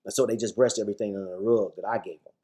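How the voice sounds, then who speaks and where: A man's voice: lowish voice, fairly even intonation, very fast, dark tone. A man guest on a radio interview, telling his personal story with emphatic repetitions and frequent restarts. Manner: acts out quoted voices. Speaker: guest, TV show founder.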